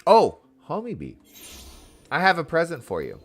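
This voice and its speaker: A man's voice: fairly high pitch, wildly swooping pitch, moderate pace, faint music behind. A man chatting casually while playing a video game, reading its dialogue aloud in playful voices. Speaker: game streamer. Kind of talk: casual gameplay commentary.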